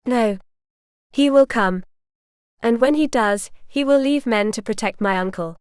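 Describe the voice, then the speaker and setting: A woman's voice: on the high side, measured pace, clear, resonant tone, dry recording, studio quality, natural voice. A woman voicing a young noblewoman who speaks in a resolute, guarded way, in a storybook reading.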